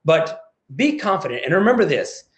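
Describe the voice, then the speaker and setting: American male motivational speaker, slightly high voice, lively sales pitch over a video call. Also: moderate pace. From United States. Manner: animated, acts out phone calls in quoted voices.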